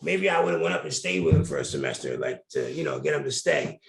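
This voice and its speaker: A man's voice: low voice, huge pitch swings, fast, gravelly. A middle-aged man from New Jersey, a guest telling candid, colorful stories in an interview. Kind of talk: storytelling interview. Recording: roomy echo.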